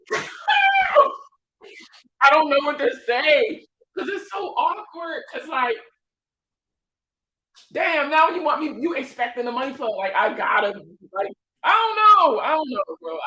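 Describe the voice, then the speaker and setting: A woman hosting a casual livestream, telling stories in an animated, slangy way and laughing often. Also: a little high, echoey room, low-quality recording. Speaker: financial educator hosting a livestream.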